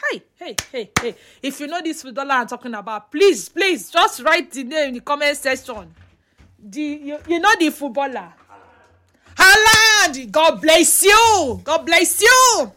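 Nigerian woman commentator, very high voice, chatty and questioning. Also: sharp tone. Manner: chatty, mixes in pidgin, rhetorical questions. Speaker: social media commentator. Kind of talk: casual commentary vlog.

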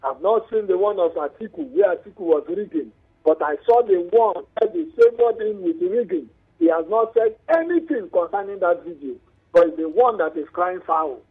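A male caller speaking on a phone-in radio show, animated and preachy, dragging out words for emphasis. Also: high-pitched, moderate pace, gravelly, breathy edge. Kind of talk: phone-in call. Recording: tinny phone line on radio.

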